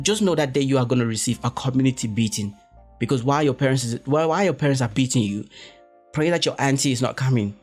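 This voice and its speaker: A man from Africa, hosting a podcast in a rambling, profane, animated monologue full of restarts. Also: medium pitch. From West Africa. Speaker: podcast host. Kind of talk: casual monologue.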